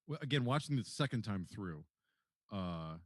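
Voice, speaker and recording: A man's voice: lowish voice, very animated, moderate pace, no echo, studio quality. A man co-hosting a podcast, gushing about a TV show, swearing freely and stumbling over restarts. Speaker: podcast co-host. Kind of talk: casual chat.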